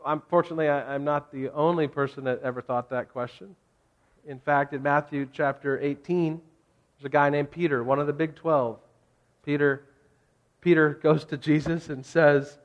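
Male pastor, casual and jokey sermon delivery, slightly high pitch. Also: steady tone, moderate pace, lo-fi sound. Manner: conversational, jokey, rising to emphatic.

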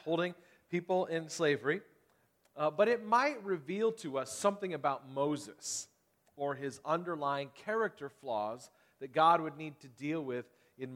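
A man's voice: a little high, a bit bright. A man preaching a sermon as pastor at a church service, conversational, posing questions to the congregation.

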